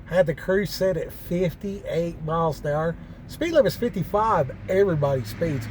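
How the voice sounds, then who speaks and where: A man with a slightly high voice tells loose, folksy stories in a country drawl, stopping and restarting as he goes. He talks from his truck cab on a mountain pass. A faint hum of vehicles and open air sits behind him. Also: expressive, moderate pace. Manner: rambling, folksy, with many fillers and restarts. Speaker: truck driver vlogger. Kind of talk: casual storytelling vlog.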